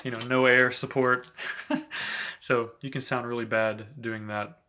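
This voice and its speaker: Casual male sax teacher, bright, forward tone, middle pitch, faint saxophone in the background. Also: unhurried, soft background music. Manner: relaxed and chatty, with many "you know"s and short laughs. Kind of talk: casual instructional talk between playing examples.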